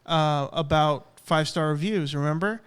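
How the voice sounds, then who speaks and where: Young guy on a podcast, smooth voice kinda high, rambles and acts out quotes. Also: moderate pace. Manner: rambling, animated storytelling with acted-out quotes. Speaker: podcast co-host. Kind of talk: casual chat.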